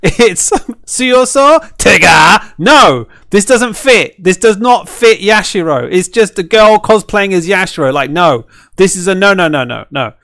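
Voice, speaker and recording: Animated man ranting on stream. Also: sits high, measured pace, gravelly, few pauses, no echo, studio quality. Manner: animated, ranting, keeps asking "right?". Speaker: streamer and fighting game caster. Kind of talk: ranting reaction stream chat.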